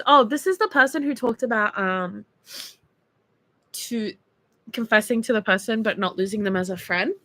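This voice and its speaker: Chatty and giggly, with lots of fillers, a young Australian woman in her twenties reads viewer texts on her stream. Her sharp-toned voice sits on the high side, lively in intonation, at a normal pace.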